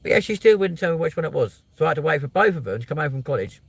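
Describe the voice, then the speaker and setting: A man's voice: a little high, very animated, very fast, gravelly, husky, no room sound. A middle-aged man, hosting a livestream and telling a story in a casual rant, swearing freely and acting out both sides of a phone call. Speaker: livestream host.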